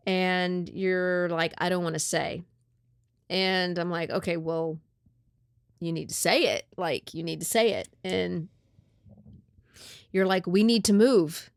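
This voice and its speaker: A woman podcast host in a casual chat, retelling a story with lively acted-out dialogue. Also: on the low side, slow, gravelly, long pauses, clear, resonant tone, dry recording.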